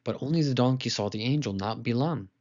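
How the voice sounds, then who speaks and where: A man teaching a weekly lesson to children, retelling a story in a lively, casual way with asides to listeners. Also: medium pitch, fast talker, highs cut off.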